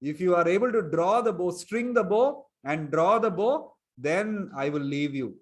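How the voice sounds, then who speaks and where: A man's voice: sits high, animated, normal speed. A man voicing an angry, mighty male warrior sage who scolds a demon scornfully while telling a story to children. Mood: stern.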